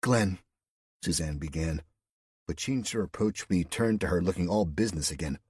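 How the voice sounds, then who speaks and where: Man, audiobook narrator, very low voice, husky, dry close sound. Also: a little fast, a little mellow, no room sound. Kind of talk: scripted narration.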